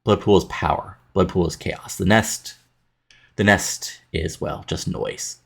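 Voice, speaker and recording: A man voicing a grim, defiant wrestler who speaks in a low, gravelly, husky tone and delivers every line flatly, as though reading a script. It sounds like a game's story scene read aloud. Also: a little slow, exaggerated voice.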